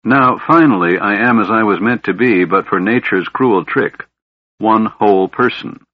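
A man voicing a cold, ambitious young male mage who speaks softly and cuttingly. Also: fairly low pitch, moderate pace, no room sound, phone-quality sound, close to an everyday voice.

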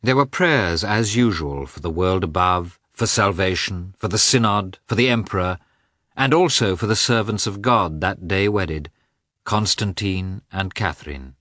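Male audiobook narrator, measured literary reading, very low voice, dry close sound. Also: a bit bright, no echo. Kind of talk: scripted narration of a classic novel.

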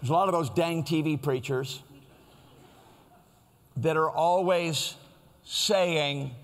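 A man's voice: a little high, slow, long pauses, long reverb tail. A man preaching a sermon in a church, in a conversational, storytelling way. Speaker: pastor.

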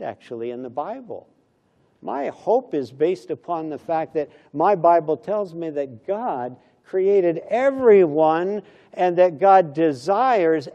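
Middle-aged guy preaching, kinda high but mellow voice, talks it like a chat, acts out little convos. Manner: conversational, acts out little dialogues. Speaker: pastor. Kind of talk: sermon.

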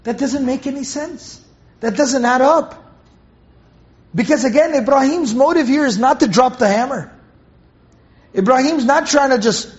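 A man's voice: extremely high pitch, measured pace, pauses often. A man giving a Quran commentary lecture, explaining word by word and asking rhetorical questions, on a dull lo-fi recording. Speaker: Quran teacher.

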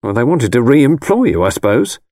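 A man's voice: medium pitch, sing-song, moderate pace, warm tone, no room sound, clean studio sound, voice pushed up. A male audiobook reader voicing a stern, disapproving middle-aged mother who speaks in clipped, reproachful phrases. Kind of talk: audiobook character voice.

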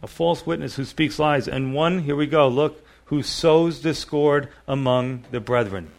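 A man's voice: fairly high pitch, measured pace, creaky. A middle-aged male pastor giving a sermon, reading scripture aloud and explaining it in a conversational manner.

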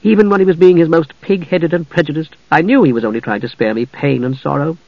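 A man reading an audiobook, voicing a loving elf wife who speaks softly and affectionately. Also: on the high side, fast talker, vocal fry, no room sound, dull audio, voice pushed up. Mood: gentle. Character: loving, teasing elf wife, calm and gentle.

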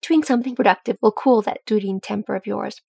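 A firm old dwarf grandfather, speaking with quiet authority, as a woman reads him. Gravelly and husky, in a dry close recording. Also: mid-range voice, a little fast, no echo. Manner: firm, advising.

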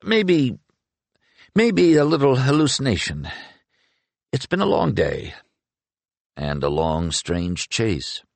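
A man's voice: medium pitch, huge pitch swings, slow pace, creaky, pauses often, no room sound, voice pushed up, full character voice. A man voicing a stern, dutiful male investigator who speaks firmly. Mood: flustered.

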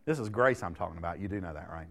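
A man in his late thirties delivers a sermon in a folksy, chatty way, speaking to the room as if to friends. He keeps asking the listeners questions and teasing them along. His voice sits fairly low. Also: expressive, very fast. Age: 30s. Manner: folksy, conversational preaching with rhetorical questions to the congregation. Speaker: preacher.

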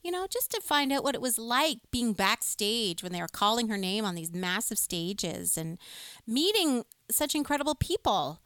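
A woman's voice: on the high side, big pitch swings, moderate pace, fairly bright tone, dry recording. A woman co-hosting a live music stream, chatting with enthusiasm and reading viewer comments aloud. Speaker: co-host of a music livestream. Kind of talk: casual live-stream chat.

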